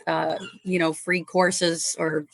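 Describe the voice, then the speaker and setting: Slow, creaky, and on the low side with little pitch movement, a woman from Chicago, USA, chats on a podcast about rescuing animals. She's warm and talkative, with frequent laughter and lots of fillers, recorded with no echo.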